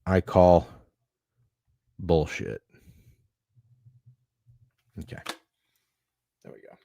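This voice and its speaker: A man hosts a casual sports betting livestream, rambling, swearing freely and getting excitable as he talks through games and bets. His voice is low, gravelly and very slow, with no echo.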